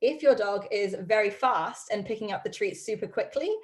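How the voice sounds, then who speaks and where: A woman's voice: mid-range voice, moderate pace. A woman dog trainer teaching a live online class over a video call from her home study, upbeat and chatty with frequent ums.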